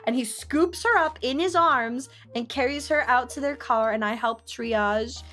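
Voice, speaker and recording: A young woman streamer chatting casually, telling family stories with playful, loud acted-out quotes. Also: sits high, a little slow, faint music behind. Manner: chatty storytelling, playful, acts out quotes loudly. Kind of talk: casual chat.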